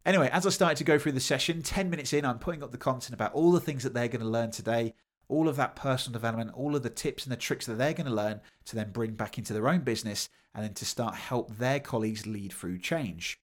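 A man's voice: medium pitch, fast. A man hosting a podcast, telling a personal story in a casual monologue and acting out the quoted voices. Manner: animated, acts out quoted voices. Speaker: podcast host.

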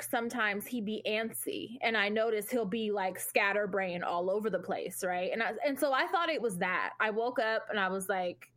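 A woman's voice: medium pitch, a bit bright. A young adult woman co-hosting a podcast, telling a story in casual chat, swearing freely and laughing along. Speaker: podcast co-host.

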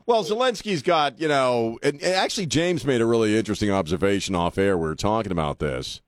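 A man's voice: mid-range voice, expressive, brisk, no room sound. Male talk radio host, blunt and sarcastic, rambling monologue, dry close studio sound.

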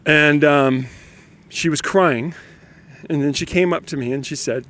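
A man in his thirties or forties, a father telling parenting stories in a casual, animated monologue and laughing often. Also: on the high side, moderate pace, a little hiss or hum.

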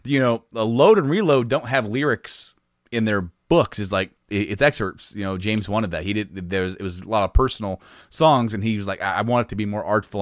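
A man chatting casually and telling a story with a lively, swooping voice. He acts out the people in it and laughs along as he talks. The sound is dry and close. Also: mid-range voice, no echo. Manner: laughs through his story, quotes people in animated voices.

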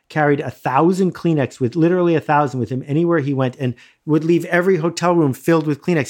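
Man, middle-aged, casual storyteller, lively and self-mocking, somewhat high-pitched. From United States. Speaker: guest telling an anecdote.

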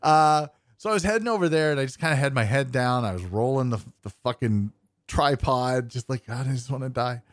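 A man's voice: mid-range voice, fairly quick, dry recording, clean studio sound. Rambling self-deprecating man telling stories. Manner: rambling, self-deprecating, quotes people in dialogue. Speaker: podcast co-host. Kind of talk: casual storytelling chat.

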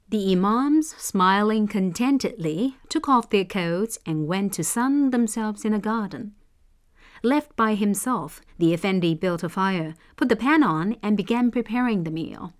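A woman hosting and narrating folk tales in a measured, expressive scripted reading. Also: medium pitch. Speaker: storyteller host.

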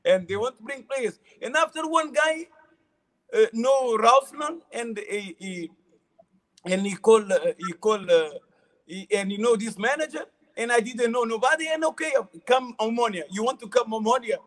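A man with a high speaking voice tells his football stories in halting, non-native English. He repeats words, laughs often and keeps the casual tone of a relaxed interview. He sounds middle-aged. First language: not English. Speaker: former footballer, interview guest.

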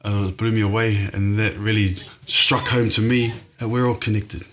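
Enthusiastic New Zealand man, bright voice. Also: on the low side, fairly even intonation, normal speed. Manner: enthusiastic, warm-hearted, laughs often. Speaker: podcast guest. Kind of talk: casual podcast conversation.

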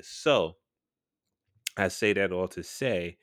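A man's voice: sits low, steady tone, a little slow, no room sound, clean studio sound. A man hosting a podcast, telling a story in a blunt, profane, chatty way and laughing now and then. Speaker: podcast host and radio personality.

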